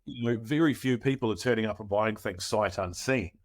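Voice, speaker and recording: A chatty man hosts a property webinar over a video call. His voice sits on the lower side, and his pitch is upbeat and salesy, full of "um" and "you know." He talks casually rather than reading a script. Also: brisk. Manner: chatty and promotional, with filler words. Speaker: property coach hosting a webinar.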